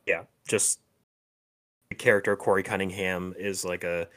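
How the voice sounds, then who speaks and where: A man with a fairly low voice co-hosts a podcast in easy conversation. He hesitates constantly, restarting his sentences and chuckling between thoughts. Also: little pitch movement, a bit bright. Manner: halting, many fillers and restarts, laughs often. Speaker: podcast co-host. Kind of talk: casual chat.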